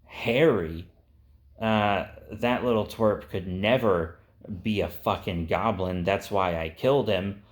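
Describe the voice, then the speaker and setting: A man voicing a menacing male goblin villain, speaking slowly and with contempt. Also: on the low side. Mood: contemptuous.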